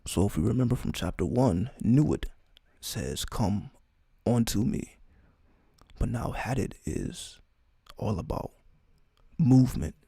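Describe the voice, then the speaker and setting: A man casually reading a text aloud, slowly and with frequent asides, in loose informal talk. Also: fairly low pitch, animated, gravelly, dark tone, slightly rough, dry recording, clean studio sound. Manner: reads slowly, stopping often for asides.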